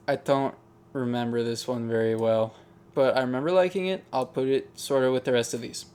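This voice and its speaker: A man talking casually as he ranks songs. He thinks aloud, hesitates and restarts often, in a voice of middling pitch. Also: a little mellow, clear, resonant tone. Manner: musing, hesitant, frequent ums and restarts. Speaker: music ranking video host. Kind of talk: casual tier-list commentary.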